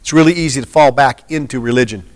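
A man's voice: mid-range voice, fast. A middle-aged man, a pastor, giving an informal sermon and chatting earnestly with a small group.

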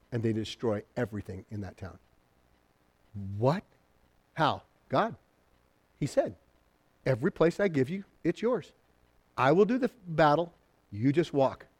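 Male pastor giving a sermon, kinda high voice, super expressive, acts out the characters, goes loud then real quiet. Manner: animated, acts out voices of people in the story; swings between loud exclaiming and quiet, low, intimate asides.

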